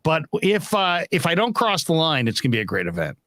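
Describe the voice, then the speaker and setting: A man hosting a sports talk show, telling rambling, animated stories to his co-hosts. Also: fairly high pitch, fairly quick, no room sound. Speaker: radio show host.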